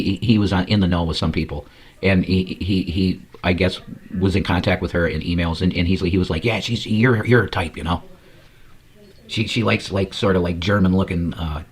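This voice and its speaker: Low-voiced man ranting crudely. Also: slightly rough. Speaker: commentary streamer. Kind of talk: casual profane commentary.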